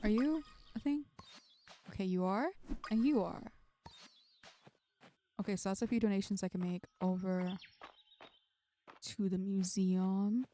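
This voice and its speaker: Mellow-voiced woman streaming a game. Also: mid-range voice, fairly even intonation, a little slow, long pauses, slight background noise. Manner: chatty, mutters to herself, swears casually. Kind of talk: casual gameplay commentary.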